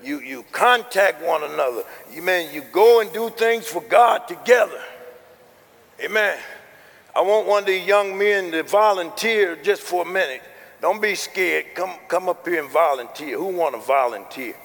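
A male preacher delivering a sermon, emphatic and full of amens, building from quiet to shouting. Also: sits high, expressive, normal speed, creaky, in a large hall. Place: church.

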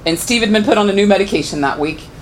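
A woman's voice: quick pace, slight background noise, low-quality recording. A middle-aged woman giving a personal testimony in church, telling her story earnestly. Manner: earnest storytelling, pitch rising when moved.

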